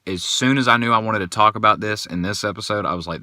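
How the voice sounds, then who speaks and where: A man hosting a casual solo podcast, telling rambling, animated stories. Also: on the low side, brisk, dry recording, studio quality. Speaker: podcast host.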